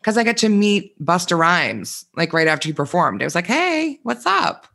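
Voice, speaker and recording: A man co-hosting a podcast in casual chat, telling stories with animated energy, acting out quoted voices and swearing freely. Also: a little high, brisk, vocal fry. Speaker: podcast co-host.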